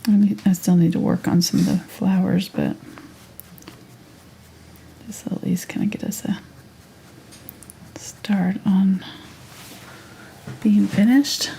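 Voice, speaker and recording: A woman walks viewers through a live painting lesson in a soft, often half-whispered voice, keeping it chatty and unhurried. Her tone is dark and mellow with a gravelly, husky edge, and she talks slowly. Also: mid-range voice, fairly even intonation, slight background noise. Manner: casual, chatty asides. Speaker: painting instructor.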